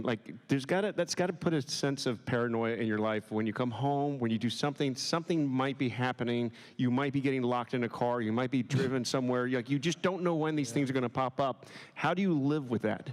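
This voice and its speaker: A man's voice: medium pitch, brisk, hardly any pauses. A man moderating a live comedy panel who asks long, rambling questions.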